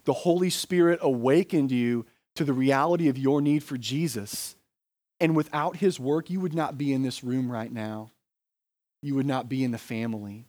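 A man's voice: medium pitch, normal speed, darkish tone. A man with an American accent, a pastor preaching a sermon in a conversational way, often asking "right?" and saying "like".

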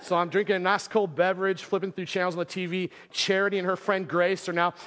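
A man's voice: sits high, little pitch movement, quick pace, a bit bright. A man in his thirties preaching a sermon, telling a story in a casual, rambling way full of filler words. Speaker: pastor. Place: church sanctuary. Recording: long church hall reverb.

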